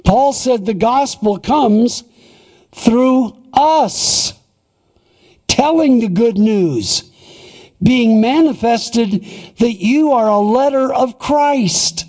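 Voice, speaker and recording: A man preaching a sermon, reading scripture and explaining it deliberately, posing and answering short rhetorical questions. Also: high voice, lively intonation, darkish tone. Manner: deliberate, emphatic Bible exposition, repeating rhetorical questions.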